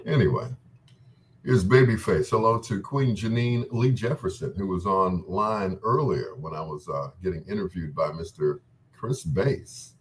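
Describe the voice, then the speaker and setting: A middle-aged man hosting a late-night love-song radio show, smooth and joking as he chats between songs. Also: sits low, unhurried, slight background noise. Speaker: radio DJ and host.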